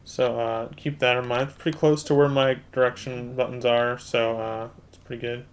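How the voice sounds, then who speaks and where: A man hosts a relaxed let's-play at his home computer, walking viewers through the controls in an easygoing, mid-range voice. He talks straight to his audience as he plays. Keyboard clicks sit behind his voice. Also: mid-range voice, moderate pace. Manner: chatty, explains controls, talks to viewers as guys. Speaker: gaming channel host. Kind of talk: casual let's-play commentary.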